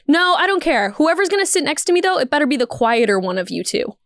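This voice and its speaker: A woman's voice: a little high, big pitch swings, fast, vocal fry, no echo, clean studio sound. Woman doing a curt, grumpy bus driver. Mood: annoyed. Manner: curt, blunt, impatient. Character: gruff irritable male bus driver.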